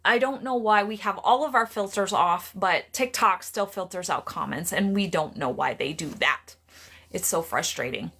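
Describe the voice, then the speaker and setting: A woman streaming psychic readings live from home on her phone, her voice bright and forward. She talks in a loose, chatty way, starting sentences over and breaking off to greet viewers by name. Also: lowish voice, moderate pace, breathy edge.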